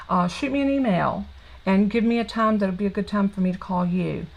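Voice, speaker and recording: A woman's voice: mid-range voice, low-quality recording. A woman with a Southern US accent, hosting a live card-making stream in a chatty, rambling way from her home craft room. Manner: chatty, warm, rambling with fillers and restarts. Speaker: craft channel host. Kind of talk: casual live-stream chat.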